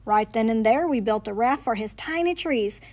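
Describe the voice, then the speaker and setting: A woman reading a picture book aloud at library storytime, with expressive, playful storytelling. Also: on the high side, normal speed.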